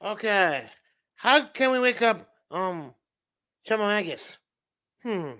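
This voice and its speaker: A man hosting a livestream, talking in a slow, halting way and greeting viewers by name. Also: high voice, animated, sharp tone. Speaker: livestream host. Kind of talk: casual livestream chat.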